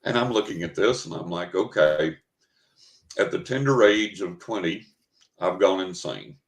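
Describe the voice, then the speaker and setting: In an echoey, roomy recording, an older West Texas man with a low voice speaks at normal speed. As an interview guest, he spins his story vividly and dramatically, performing his own thoughts aloud.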